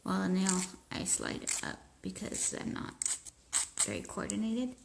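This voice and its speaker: A woman's voice: mid-range voice, very animated, measured pace, creaky, a little hiss or hum, rough recording. A woman hosting a casual live nail tutorial from home, chatty and easily sidetracked. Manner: chatty, easily distracted, talks to kids and pets. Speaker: nail polish seller hosting a live stream. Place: home room, indoors. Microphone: phone camera.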